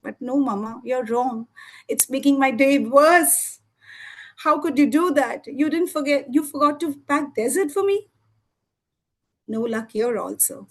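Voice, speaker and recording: A woman's voice: sits high, animated, unhurried, rough recording. A woman doing a sulky, dramatic schoolboy. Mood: indignant. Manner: dramatic self-pitying complaints. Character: gloomy young schoolboy having a bad day.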